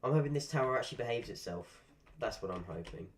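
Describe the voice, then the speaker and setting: A man's voice: medium pitch, expressive, quick pace, a little hiss or hum. Stuffy-voiced man grumbling through a game. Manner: dry, grumbling, self-mocking. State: congested from a cold. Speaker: gaming streamer. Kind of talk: casual gameplay commentary.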